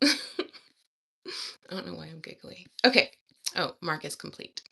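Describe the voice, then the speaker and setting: A woman's voice: on the low side, lively intonation, measured pace, gravelly, bright, forceful tone, breathy edge. A woman chatting to viewers in a casual study vlog, reading practice exercises aloud and giggling as she works. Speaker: language learner vlogger.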